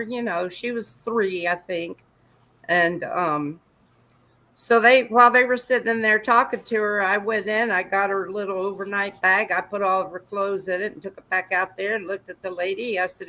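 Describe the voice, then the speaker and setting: A man's voice: sits high, steady tone, normal speed, sharp tone, rough recording. An older man from Georgia, a father telling a family story in a laid-back casual chat, laughing now and then. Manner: laid-back storyteller who laughs at his own tale.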